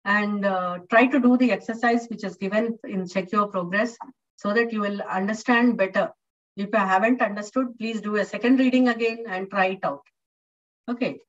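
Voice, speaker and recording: Female English lecturer, online class, patient and repetitive with fillers, set back from the mic, muffled line. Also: mid-range voice. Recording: distant, dull lo-fi online audio.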